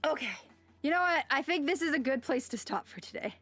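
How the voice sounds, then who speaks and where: A woman's voice: high voice, lively intonation, brisk, fairly bright tone, dry recording. A woman streaming a game, reading its text aloud and chatting casually, with frequent sighs and exclamations. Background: faint music.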